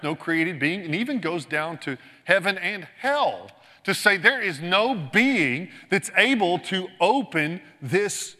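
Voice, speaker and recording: Earnest male preacher, bright tense voice, lots of rhetorical questions, echoey hall. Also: fairly high pitch. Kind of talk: sermon.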